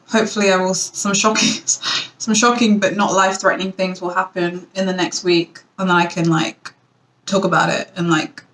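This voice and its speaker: A woman's voice: on the low side, a bit bright, a little hiss or hum, rough recording. A woman from Britain hosting her own show, chatting on her own in a rambling, wry way with lots of fillers. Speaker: podcast host. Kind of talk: casual solo chat.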